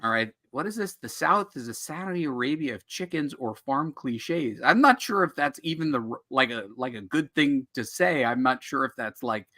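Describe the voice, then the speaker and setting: A middle-aged man from New Jersey with a bright, forceful voice at a middling pitch, chatting casually as co-host. He tells stories in a jokey, animated way. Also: moderate pace, hardly any pauses. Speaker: co-host of a comics podcast. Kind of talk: casual chat.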